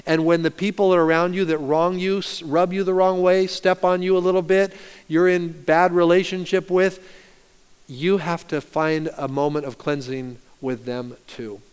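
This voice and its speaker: Male pastor, sermon, animated storytelling, clear resonant tone, long hall reverb. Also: fairly high pitch, normal speed. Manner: animated storytelling, rising loud and dropping soft. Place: church sanctuary.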